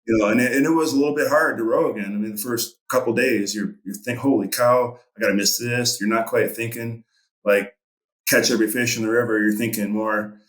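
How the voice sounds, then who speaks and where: A man's voice: mid-range voice, fairly even intonation, quick pace, fairly bright tone, reverberant. A middle-aged man and fishing guide, telling a story casually in a rambling way with many fillers. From Montana.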